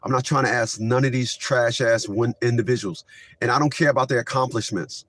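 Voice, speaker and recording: A man hosting a commentary show, reacting to clips in a casual, animated rant. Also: mid-range voice, a little fast. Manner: animated, rising to shouts when worked up.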